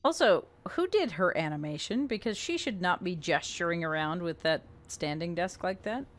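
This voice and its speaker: Болтливая стримерша за игрой. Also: female voice, fairly low pitch, animated, normal speed. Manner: chatty, reads viewer names aloud. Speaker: streamer. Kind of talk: casual let's-play commentary.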